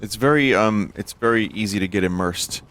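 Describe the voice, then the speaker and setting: A man in his thirties with a low-pitched voice, streaming a horror game and riffing with chat. His humor is dry and offhand, and he speaks in relaxed, conversational bursts. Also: brisk, slight background noise. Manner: dry, joking, talks to chat. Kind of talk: casual gameplay commentary.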